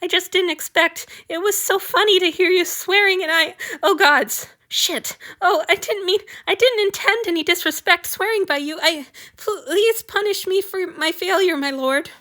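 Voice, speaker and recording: A clumsy, anxious young servant , put on by a woman reading aloud, squeaks his apologies and tumbles into babbling. The voice sits high above her own and rings bright. It belongs to a spoken storybook. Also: unhurried, few pauses, smooth. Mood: rasping, frantic.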